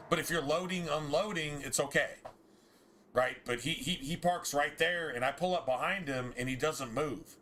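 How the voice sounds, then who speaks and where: A man's voice: a little high, moderate pace, bright, forceful tone, faint music behind. A man, telling a story casually on a game stream and ranting in a heated, profane way with many restarts.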